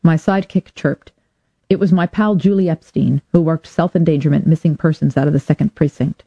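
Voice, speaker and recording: A woman reading a first-person hardboiled detective story with wry, deadpan delivery. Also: deep voice, brisk, no echo. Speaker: audiobook narrator. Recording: dull, dry lo-fi recording.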